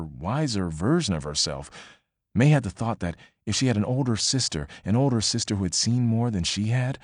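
A man reading a novel aloud as audiobook narrator, measured and expressive. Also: lowish voice, no room sound, clean studio sound. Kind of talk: scripted narration.

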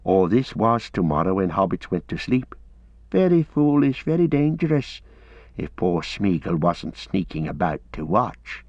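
A man's voice: sits low, big pitch swings, unhurried, dry recording, heavily acted. A man voicing a wretched, starved, sly creature that hisses and wheedles, in a dull lo-fi recording. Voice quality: hissing, wheedling.

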